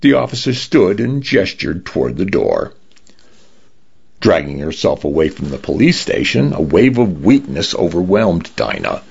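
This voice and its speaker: A man narrating a story in a steady, expressive reading. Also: deep voice, unhurried, vocal fry, breathy edge, highs cut off.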